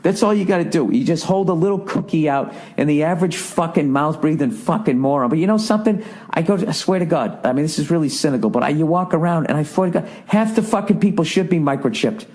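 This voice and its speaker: This male podcast host speaks on the higher side, expressive and a touch mellow, talking fast with few pauses. He's delivering an exasperated comedic rant, sarcastic and laced with profanity.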